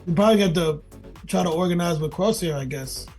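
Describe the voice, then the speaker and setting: A man playing in a tabletop game, speaking in character in a hesitant, low-key way. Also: fast, a little mellow, faint music behind. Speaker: player.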